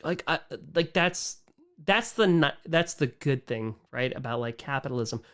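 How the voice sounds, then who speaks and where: A young man ranting on a live stream, animated and exasperated, trailing off and repeating himself as he talks. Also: mid-range voice, a little slow.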